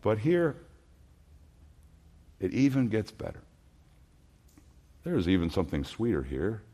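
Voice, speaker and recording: A man's voice: on the low side, sing-song, measured pace, warm tone, husky. A man preaching an expository sermon in an earnest, emphatic way, posing rhetorical questions. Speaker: pastor.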